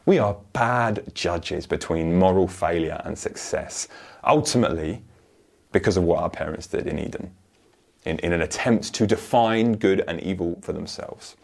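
A man preaching a sermon, lively and earnest, acting out imagined voices and often repeating words as he starts a thought. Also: low voice, normal speed, gravelly. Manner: animated, acts out voices of others, repeats words when starting.

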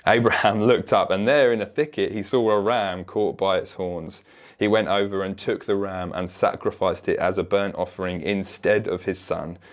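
A man preaching a sermon in an earnest, emphatic way. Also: deep voice.

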